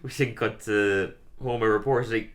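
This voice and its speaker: Bright-voiced chatty podcast man. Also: fairly low pitch, steady tone, moderate pace. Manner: chatty, laughs often, acts out quoted lines. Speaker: podcast co-host. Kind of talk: casual episode recap.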